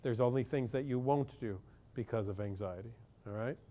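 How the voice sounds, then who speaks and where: A man's voice: mid-range voice, moderate pace, mellow. A man, a clinical psychologist, speaking bluntly and with humor in a public talk to parents, often asking the audience questions.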